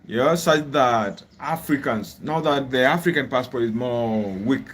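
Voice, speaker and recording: A man who is a fellow travel vlogger, chatting casually and speaking in a measured, agreeable way. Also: medium pitch, slight background noise. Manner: agreeable, measured, back-channels often. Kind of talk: casual conversation.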